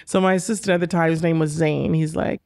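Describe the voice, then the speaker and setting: Animated woman telling stories, gravelly edge. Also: low voice, fast. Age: 40s. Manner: animated, laughing, acts out quoted dialogue. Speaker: interview guest. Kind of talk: storytelling in a casual interview.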